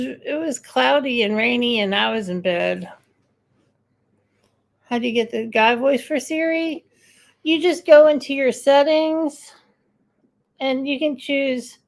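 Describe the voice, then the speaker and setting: A woman's voice: sits high, gravelly. A woman hosting a casual live-stream chat, rambling and answering viewer comments. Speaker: livestream host.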